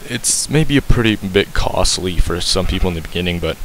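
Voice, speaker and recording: A man's voice: deep voice, animated, a little fast, fairly bright tone, slight background noise, low-quality recording. A man giving a casual game tutorial, rambling and correcting himself with lots of ums, breathing heavily into a cheap mic held very close to his mouth.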